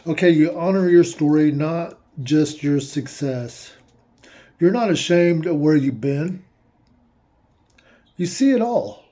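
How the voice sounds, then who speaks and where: Fairly high-pitched yet mellow, this man speaks slowly and animatedly, pausing often. He's a host reading passages aloud and commenting on them in a rambling, casual way, moved to the point of watery eyes.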